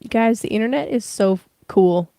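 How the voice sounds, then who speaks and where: A woman's voice: on the high side, expressive, moderate pace, gravelly, warm tone, no echo. A young woman giving a casual livestream tarot reading, rambling with many fillers. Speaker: tarot reader.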